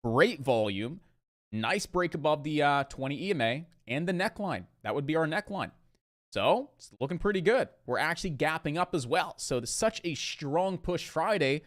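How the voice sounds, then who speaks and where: A man's voice: on the high side, animated, moderate pace, fairly bright tone. A man hosting a live day-trading stream, explaining the market to his viewers in an emphatic way, repeating points for stress and calling them "guys".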